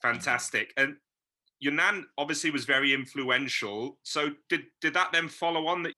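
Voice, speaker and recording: A man's voice: on the high side, moderate pace, pushed and bright. A man interviewing a guest, asking short, prompting questions. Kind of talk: casual interview.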